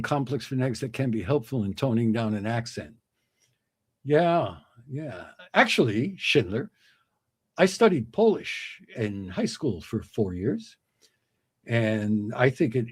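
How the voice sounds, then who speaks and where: Middle-aged male streamer, lively pitch, slightly husky, dry close sound. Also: no room sound. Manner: chuckling, acts out joke voices with big pitch swings. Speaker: livestream host. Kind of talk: casual chat, reading viewer comments and telling jokes.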